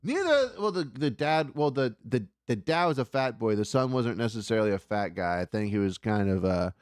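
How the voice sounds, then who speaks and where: A man's voice: medium pitch, animated, moderate pace, no echo, studio quality. A man telling a rambling, profane story in casual chat on a comedy call-in podcast.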